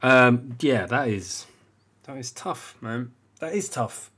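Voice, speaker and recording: A man's voice: animated, takes it slowly, a bit bright, breathy edge. A man in his forties hosting a podcast, talking bluntly and casually with lots of swearing and "right?" tag questions. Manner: restless pitch jumps when emphatic. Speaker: podcast host.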